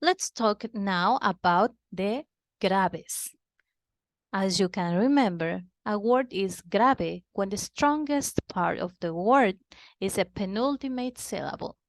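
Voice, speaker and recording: A woman teaches children Spanish slowly and patiently, taking her time in an animated, mid-range voice. She repeats key terms and alternates between Spanish and English as she explains. The recording is dry and studio quality.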